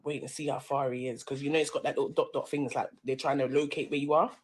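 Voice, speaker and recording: A woman's voice: rumbling low, quick pace. Heated London woman telling a story. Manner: heated, swearing, London slang, animated. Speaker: radio show host. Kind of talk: live-stream storytelling rant.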